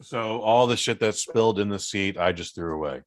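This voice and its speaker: A man hosting a podcast, telling a story in a casual, animated way, swearing freely and acting out other people's voices. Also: fairly low pitch, moderate pace, no echo, studio quality. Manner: animated, profane, acts out voices in his stories. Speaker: podcast host.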